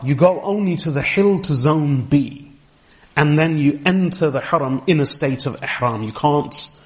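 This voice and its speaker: A man giving a religious lecture, explaining slowly and step by step, repeating key terms and reciting Arabic verses fluently. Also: medium pitch. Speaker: Islamic teacher.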